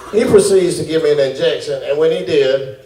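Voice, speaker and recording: A man doing stand-up comedy, telling a fast, animated story and acting out his own panic. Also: fairly high pitch. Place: comedy club with laughing audience. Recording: roomy, distant club recording with noise.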